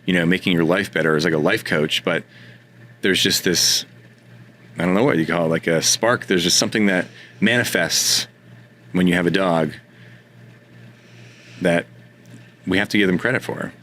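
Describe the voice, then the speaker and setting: A man's voice: low voice, moderate pace, long pauses, a bit bright, slight background noise. A man as an interview guest, talking in a thoughtful, casual way and searching for words. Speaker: interview guest, dog photographer.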